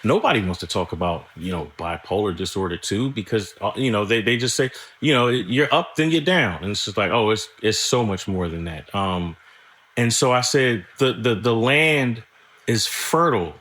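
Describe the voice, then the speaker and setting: A man with a fairly low voice, talking candidly as a guest on a podcast. He is reflective and halting, circling back and restarting his sentences and swearing now and then. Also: lively intonation, a bit bright. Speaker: guest screenwriter. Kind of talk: candid conversational interview.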